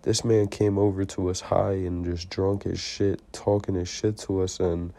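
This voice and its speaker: A young man casually telling a personal story in slangy talk, heatedly acting out the shouted lines of an argument. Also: low voice, flat delivery, measured pace, gravelly, no room sound. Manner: slangy, heated retelling with acted-out shouted quotes.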